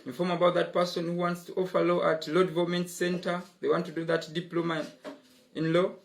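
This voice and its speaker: A man's voice: high voice, level tone, fairly quick, vocal fry, a little hiss or hum. A young man teaching law in an online lesson, repeating key words and dropping "mm-hmm" and "uh-huh" as he drives his points home. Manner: emphatic, drilling points home.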